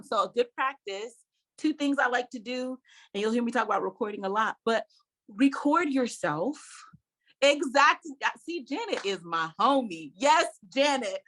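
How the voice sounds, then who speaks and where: A woman's voice: sits high, sharp tone. A middle-aged woman giving an online public speaking workshop, talking conversationally, repeating key points with emphasis and laughing between them. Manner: laughs between points, addresses viewers directly.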